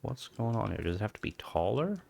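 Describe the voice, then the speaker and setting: Man, nasal and stuffed up, rambling gameplay commentary, lowish voice. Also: big pitch swings, a little fast, gravelly, a little mellow. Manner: rambling, thinking aloud with restarts. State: stuffy from hay fever. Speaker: gaming video host.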